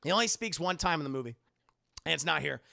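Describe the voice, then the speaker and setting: A man recapping a film to his stream chat in a gravelly, bright voice that swings up and down a lot. He is sarcastic and profane, tearing into scenes with running jokes. His pitch sits slightly high for a man. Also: fast. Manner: sarcastic, profane, lively storytelling. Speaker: movie reviewer, streamer. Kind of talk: casual spoiler review chatting to a live chat.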